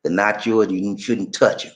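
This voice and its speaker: A man's voice: fairly low pitch, level tone, normal speed. A man hosting a casual vlog, chatty and repetitive as he quizzes viewers. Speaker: channel host.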